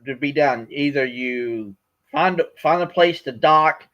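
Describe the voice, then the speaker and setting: A man in his fifties hosts an online livestream, rambling through his life story with lots of "uh" and restarts. His voice sits at a middle pitch and comes through a dull, lo-fi connection. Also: slow pace, a bit bright. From Florida. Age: 50s. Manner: rambling, with many fillers and restarts. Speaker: host. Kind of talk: livestream chat.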